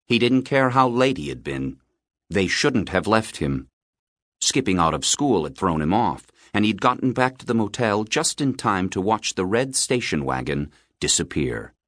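A very deep male voice carries this audiobook narration, unhurried and lively in its rise and fall. It is recorded close and bone-dry, with measured, expressive storytelling throughout. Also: dry recording. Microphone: close studio mic.

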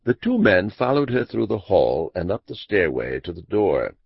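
A man narrating a classic mystery audiobook in a measured, expressive storytelling manner. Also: low voice, creaky, slightly rough, no room sound. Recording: dull dry lo-fi audiobook recording.

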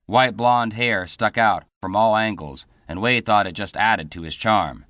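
Low-voiced man narrating, dry studio sound. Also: a little slow, a bit bright, no echo. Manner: voices characters in dialogue. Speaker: audiobook narrator. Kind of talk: scripted narration.

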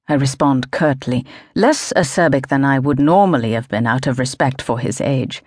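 Low-voiced young woman narrating a novel. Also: moderate pace, hardly any pauses, darkish tone, no echo, clean studio sound. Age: young adult. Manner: composed, descriptive storytelling. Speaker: audiobook narrator. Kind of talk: first-person novel narration. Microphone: close studio mic.

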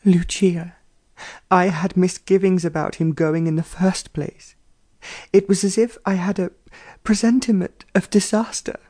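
A man's voice: high-pitched, fairly even intonation, measured pace, a little mellow, pitched above the performer's own voice. A man voicing a fragile, fretful older aristocratic mother who speaks in a quavering way.

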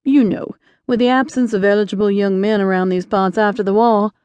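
A woman's voice: medium pitch, fairly even intonation, brisk, a little mellow, clear, resonant tone, lo-fi sound, pitched below the performer's own voice, close to an everyday voice. A woman doing a kindly older shopkeeper. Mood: gentle. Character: kindly older male shopkeeper, fatherly and cautious.

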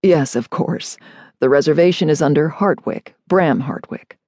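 A woman narrator voicing an intense, formal man with a deep, resonant voice who speaks stiffly. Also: normal speed, a little mellow, no room sound.

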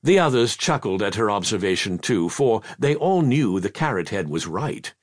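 A man narrating a children's fantasy audiobook in an expressive storybook style. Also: fairly low pitch, normal speed, no room sound, studio quality.

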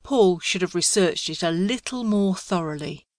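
A woman's voice: on the low side, animated, moderate pace, no room sound, studio quality. A woman narrating an audiobook with a wry, comic storytelling manner.

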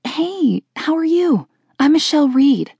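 A bubbly, friendly young college girl with a soft Southern drawl chatters in a bright, high voice, as a woman narrator puts her on. She sounds eager and a little nervous, her pitch lifting well above the reader's own. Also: big pitch swings, measured pace, creaky, no echo, heavily acted. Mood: chirpy.

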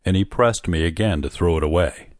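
A man reading an audiobook, voicing a mild, questioning old man who is quietly stubborn. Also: sits low, fairly quick, no echo, clean studio sound, natural voice.

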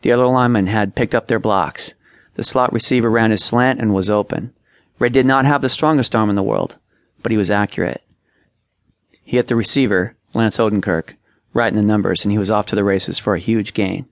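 A man narrating an audiobook, reading plainly and raising his voice for shouted lines. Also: fairly low pitch, steady tone, fairly quick, dry recording, clean studio sound. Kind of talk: scripted narration.

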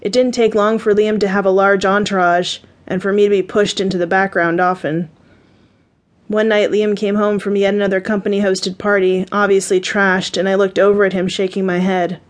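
A woman reading a first-person romance audiobook, her delivery steady and measured. Her voice sits at a middle pitch, plain and unforced, paced like scripted narration.

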